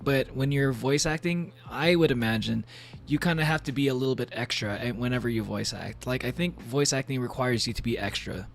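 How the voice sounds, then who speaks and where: A man's voice: mid-range voice, brisk, creaky. A man streaming from home, chatting casually while he plays, rambling and laughing often between thoughts. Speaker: VTuber streamer. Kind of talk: casual live-stream chat while gaming.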